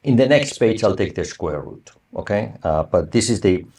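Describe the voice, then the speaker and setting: A man with a deep, low-pitched voice gives a university lecture. He talks in a loose, conversational way and keeps asking the class whether it is clear. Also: lively intonation, moderate pace, darkish tone, slight background noise. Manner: conversational, asks the class for confirmation. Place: online or recorded lecture.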